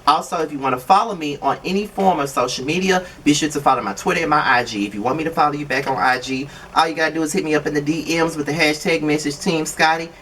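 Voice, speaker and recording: A man's voice: a little high, fast, few pauses, pushed and bright, distant mic, a little hiss or hum. A man giving blunt, profane, exasperated commentary while reviewing a reality TV show. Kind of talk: casual video commentary.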